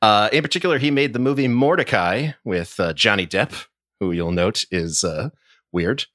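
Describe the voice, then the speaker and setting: Lowish man co-host, dry close recording; wry humor, small chuckles. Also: normal speed, fairly bright tone, dry recording. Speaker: podcast co-host. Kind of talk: casual podcast chat.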